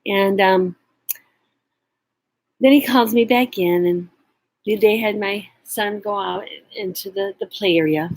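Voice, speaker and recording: A woman's voice: medium pitch, takes it slowly, vocal fry, long pauses, a little mellow, dry recording, rough recording. A middle-aged woman vlogger telling a personal story, earnest and emotional, sometimes dropping to near whispers.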